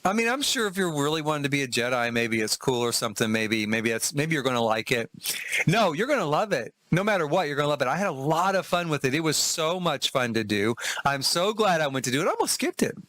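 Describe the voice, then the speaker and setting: A man's voice: a little high, lively intonation, quick pace, a bit bright, no room sound. A middle-aged man talking casually to the camera as a travel vlogger, chatty and enthusiastic, laughing often as he reviews a trip.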